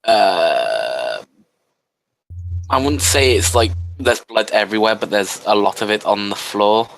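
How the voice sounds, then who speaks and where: A man's voice: fairly low pitch, expressive, unhurried, creaky, fairly bright tone, faint music behind, poor audio. A man running a tabletop game as game master, describing scenes with frequent restarts.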